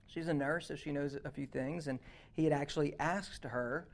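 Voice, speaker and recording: A man preaching a sermon, telling a story that moves from hushed passages to loud, urgent ones. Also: fairly high pitch, steady tone, moderate pace. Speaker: youth pastor.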